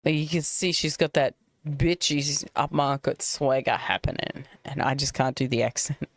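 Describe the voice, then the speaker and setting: A woman's voice: sits low, steady tone, normal speed, creaky, no echo, clean studio sound. A woman streaming a game and chatting casually as she reads along. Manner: chatty, musing aloud. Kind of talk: casual let's-play commentary. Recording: music playing behind.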